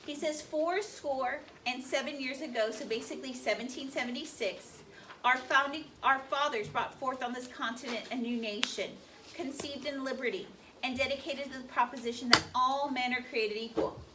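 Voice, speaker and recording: In a history class, a woman with a high voice reads a speech aloud at a moderate pace and fires questions at her students. The classroom lecture is recorded from far off, with slight noise.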